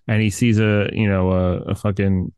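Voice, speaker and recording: A man's voice: fairly low pitch, flat delivery, moderate pace, darkish tone, clean tone, dry recording. A man chatting casually about a horror film, rambling with lots of fillers and swearing. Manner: rambling, many fillers, profane. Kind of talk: casual movie review chat.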